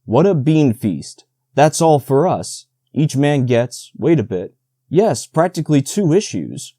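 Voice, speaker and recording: A man voicing a greedy, scheming young soldier who talks in a hoarse, gleeful whisper, slowly. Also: a little high, very animated, mellow, dry recording, clean studio sound, pitched above the performer's own voice, full character voice.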